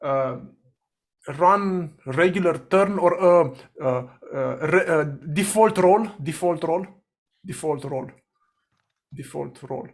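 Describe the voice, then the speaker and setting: A male facilitator leads a live group coding session in a voice that sits slightly high for a man. Thinking aloud, he questions names and gives quick directions to whoever is typing.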